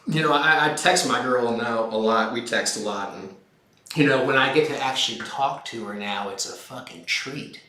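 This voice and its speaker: A man's voice: medium pitch, normal speed, bright, forceful tone. A man in his forties, host of a casual livestream chat, swearing constantly and repeating words as he talks. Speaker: occult podcast host. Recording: roomy echoey home stream.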